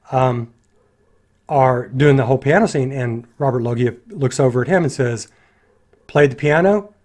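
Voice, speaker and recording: Guy ranting about a movie, mid-pitch voice, keeps doing the lines in silly voices. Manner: animated, critical, acts out lines in voices. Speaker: movie reviewer. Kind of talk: casual spoken film critique.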